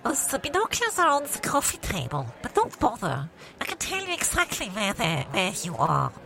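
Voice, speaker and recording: A woman's voice: mid-range voice, wildly swooping pitch, fairly quick, gravelly, background noise, pitched above the performer's own voice. A woman voicing a formal Swiss ski instructress with a heavy accent and a nasal, blocked-nose sound. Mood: helpful. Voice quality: nasal, as if from a head cold. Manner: stiff, formal hospitality.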